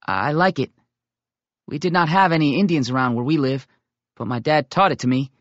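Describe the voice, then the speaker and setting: A man's voice: a little high, moderate pace, no room sound, muffled recording, voice pushed up, close to an everyday voice. A man voicing a shy but earnest teenage boy in an audiobook, speaking hesitantly.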